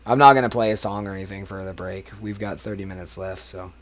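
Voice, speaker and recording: A man's voice: deep voice, steady tone, fast, slight background noise. A young man chatting loosely on his livestream between karaoke songs, rambling and swearing often, his voice worn from smoking. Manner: rambling, swears a lot, talks to chat. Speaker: karaoke streamer. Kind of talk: casual livestream chat.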